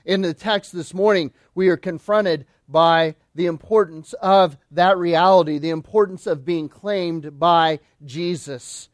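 A man preaching a sermon as pastor, emphatic, slowing down and dropping low on key phrases. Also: dry recording, studio quality.

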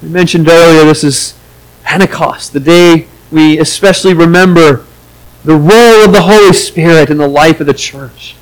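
A man's voice: fairly high pitch, normal speed, rough recording. A man preaching a sermon as pastor, earnest, and acting out the quoted voices of the story.

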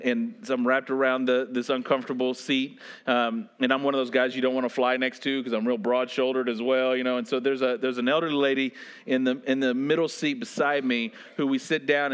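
A man preaching a sermon, reading scripture and then telling a personal story in an animated way, often laughing as he goes. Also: medium pitch, clear, resonant tone. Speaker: pastor.

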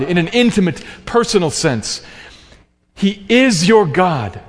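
A man preaching a sermon in an earnest, emphatic way, slowing down to stress key phrases. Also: high voice, sing-song. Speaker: pastor. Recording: long hall reverb.

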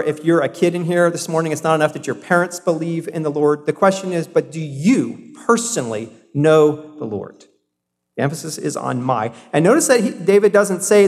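A man in his thirties preaching a sermon as pastor, earnest and emphatic, often repeating words to stress a point. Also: a little high. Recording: long hall reverb.

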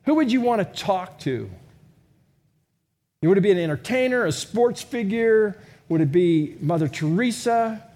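A man's voice: high voice, expressive, unhurried, a little mellow. A middle-aged man preaching a sermon in a conversational way, full of rhetorical questions and self-deprecating humor. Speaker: pastor.

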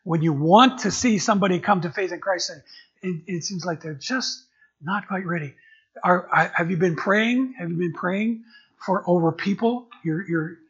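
Older male pastor, husky, conversational sermon. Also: high voice, moderate pace, a bit bright, lo-fi sound. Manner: conversational, repeats words while searching.

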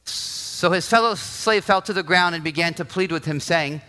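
A male pastor preaches in an animated storytelling style, often checking in with the congregation with "right?" His voice sits high for a man and has a bright, forward tone. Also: moderate pace. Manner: animated storytelling, acting out quotes, frequent "right?". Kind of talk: sermon.

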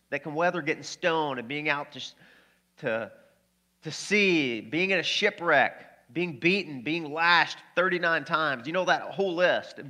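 Bright-voiced pastor preaching with energy. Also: male voice, on the high side. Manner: energetic, conversational preaching with questions to the congregation. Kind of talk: sermon.

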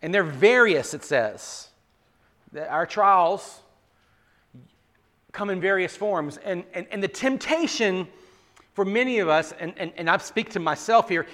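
A pastor with a fairly high voice delivers a sermon to his congregation. He speaks earnestly, frequently restarting his words, swelling to loud emphasis before sinking into an almost hushed plea.

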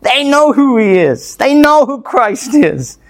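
Extremely high in pitch and swinging widely, this male pastor's voice moves slowly through an expository sermon. He's emphatic and punchy, with rhetorical questions and playful asides accompanied by light laughter.

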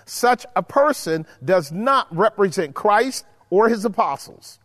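Male Bible teacher with a high voice, forceful and repetitive, recorded with long hall reverb. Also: big pitch swings, unhurried. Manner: emphatic, repeats points, checks in with listeners. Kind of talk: preaching Bible study.

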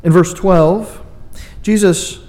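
A man's voice: high-pitched, fairly even intonation, slow pace, a little mellow. Earnest preaching man in a reverberant hall. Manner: earnest, emphatic preaching with dry asides. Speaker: pastor. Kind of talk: sermon.

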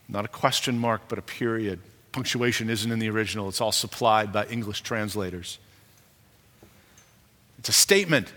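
A man preaching a sermon as a pastor, animated, and acting out the people he quotes. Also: moderate pace. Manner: animated, acts out quoted leaders with rising pitch. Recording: long hall reverb.

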